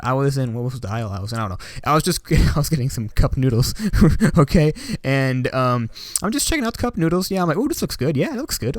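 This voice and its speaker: Young guy telling a story casually, animated retelling, mid pitch, dead dry room. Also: smooth, no echo. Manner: rambling, animated retelling with filler words. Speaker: YouTuber.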